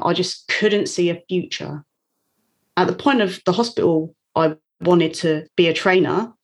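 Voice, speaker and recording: A woman's voice: on the low side, measured pace. A woman, a guest on an interview, telling a personal story openly and emotionally, laughing now and then. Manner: candid, emotional, laughs often.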